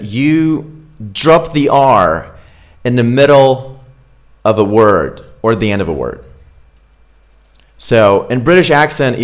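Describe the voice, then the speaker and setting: A man with a fairly low voice teaches English pronunciation online as part of an accent lesson. Between slow repetitions of example words, he chats casually with fillers.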